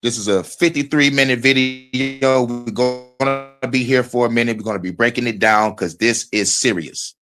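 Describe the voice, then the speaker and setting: A man's voice: medium pitch, normal speed, hardly any pauses, fairly bright tone, faint music behind. A man hosting a stream, reacting to a video with heated, profane, rambling commentary.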